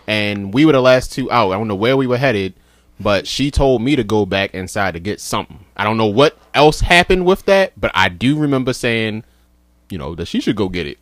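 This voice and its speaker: A man's voice: lowish voice, animated, a little fast, no echo. A man in casual chat who builds his childhood story up carefully, with vivid emphasis.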